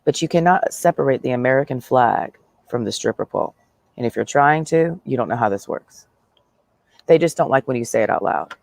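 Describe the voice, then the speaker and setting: A woman's voice: very deep voice, lively intonation, moderate pace, gravelly, darkish tone, dry recording. A woman livestreaming a blunt, profane, sarcastic rant, talking straight at her listeners. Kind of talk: ranting livestream monologue.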